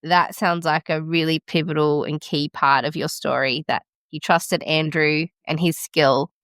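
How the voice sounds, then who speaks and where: A woman midwife hosting a podcast, chatting casually and warmly affirming her guest. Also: deep voice, fairly even intonation, unhurried, clean tone, no echo, clean studio sound. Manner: enthusiastic and affirming. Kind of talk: casual interview chat.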